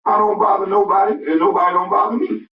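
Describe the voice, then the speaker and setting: A man's voice: sits high, fairly even intonation, fast. A man ranting angrily, trading mocking insults and repeating his points. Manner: angry, mocking, repetitive insults. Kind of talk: heated rant. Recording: roomy, distant, dull sound.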